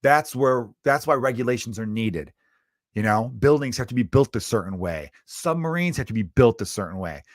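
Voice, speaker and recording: A man's voice: mid-range voice, lively intonation, normal speed, dry recording, clean studio sound. A man hosting his own comedy podcast, riffing and ranting in a profane, exasperated way. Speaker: podcast host and stand-up comedian. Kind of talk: comedic solo rant. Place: lives in Chicago.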